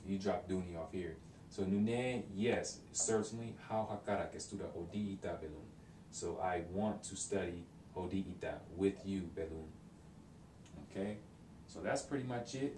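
A man casually explaining vocabulary from his study notes, thinking aloud with many pauses and ums, recorded in a room from a distance. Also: sits low, warm tone, slight background noise. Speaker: language learner explaining vocabulary. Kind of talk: casual self-recorded lesson. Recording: roomy, distant mic with faint ambience.

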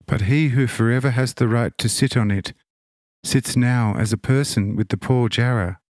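A man voicing an enraptured, devout young woman who stammers out slow, awed exclamations as she sees heaven open. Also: mid-range voice, darkish tone, no echo, clean studio sound, natural voice. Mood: exultant.

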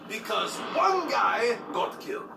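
Lively high-voiced man narrating a comedic history cartoon. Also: a little slow, vocal fry, a loud crowd. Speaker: narrator of an animated history video. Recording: echoey audio with music behind, played from a video.

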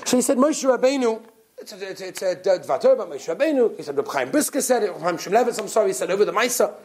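Male rabbi lecturer, high and very animated, warm storytelling delivery repeats. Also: rapid-fire. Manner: animated, repeats words while telling stories. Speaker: rabbi giving a Torah talk.

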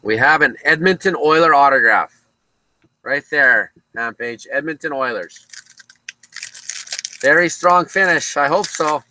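A man's voice: fairly high pitch, unhurried, pauses often, bright, forceful tone, rough recording. A man hosting a casual card break from a card shop, chatting with viewers by name as he calls out each card.

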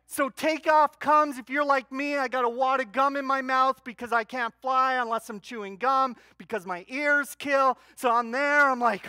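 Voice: high voice, moderate pace, few pauses, smooth, dry recording. A pastor preaching a sermon in church, telling stories with humor and energy. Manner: animated storytelling with humor.

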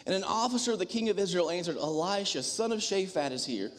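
A man preaching a sermon as the church's minister, earnest and emphatic, with dramatic pauses. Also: sits high, expressive. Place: church sanctuary. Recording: long hall reverb.

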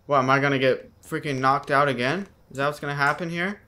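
A man's voice: mid-range voice, fairly even intonation, fast, bright, forceful tone. A young man giving horror game commentary, jumpy and slangy, yelping when startled and talking back to the game. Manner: slangy, keeps saying dude and bro. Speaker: gaming video host.

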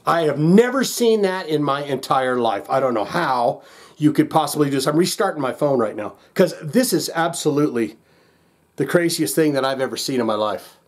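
A man's voice: on the high side, lively intonation, moderate pace. A man hosting a casual reaction vlog, agitated and exasperated, rambling with lots of restarts and swearing. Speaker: music reaction channel host.

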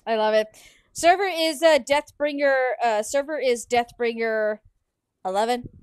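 High-voiced giggly woman streamer. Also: a little slow, clear, resonant tone, dry recording, clean studio sound. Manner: giggly, chatty, yawning between sentences. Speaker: streamer and game host. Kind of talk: casual livestream chat while playing.

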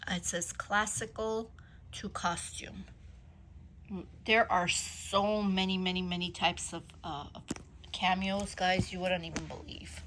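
A woman vlogger showing her collection of jewelry books in a casual show-and-tell, talking softly and admiringly and stumbling when she reads aloud. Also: fairly low pitch, fairly even intonation, a little hiss or hum, rough recording. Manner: slow, soft-spoken, admiring, stumbles when reading aloud.

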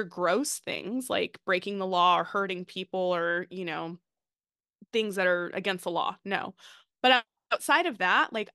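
Podcast guest, woman, bright forceful voice, dry close sound, emphatic and animated. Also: on the high side, clear, resonant tone, no echo. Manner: animated, emphatic, with frequent "like" asides. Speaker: podcast guest, marketing consultant. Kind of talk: casual podcast chat.

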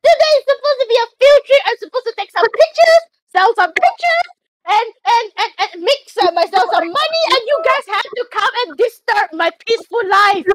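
A woman's voice: extremely high pitch, lively intonation, brisk. A woman voicing a young male student photographer in a tabletop game, frantic and whiny as he protests. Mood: panicked whining.

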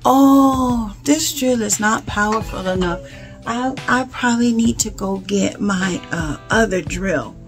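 A woman voicing a timid male handyman who complains in a fretful, drawn-out way. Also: medium pitch, soft background music, lightly acted.

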